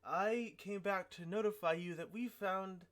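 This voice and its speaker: A man voicing a proud veteran fighting grandmaster, a brisk mentor who rambles with halting fillers. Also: high voice, a bit bright, pitched above the performer's own voice.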